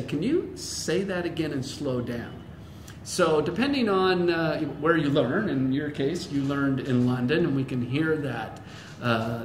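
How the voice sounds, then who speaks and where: A man's voice: on the high side, reverberant, slight background noise. A man with an American accent, an English teacher chatting casually and playfully in an interview. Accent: General American. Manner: lively, playful, imitates other accents. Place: language school in Bangladesh.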